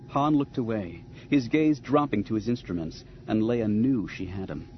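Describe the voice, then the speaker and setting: A man narrating an audiobook in a measured, expressive storytelling manner. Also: fairly low pitch, lo-fi sound, a little hiss or hum. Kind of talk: scripted narration.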